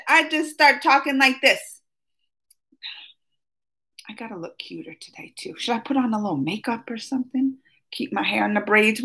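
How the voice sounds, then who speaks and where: High-voiced chatty woman livestreaming. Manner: chatty, excitable, laughs often, talks to her chat. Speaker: livestream host. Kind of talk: casual live chat with viewers. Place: at home, just woken up.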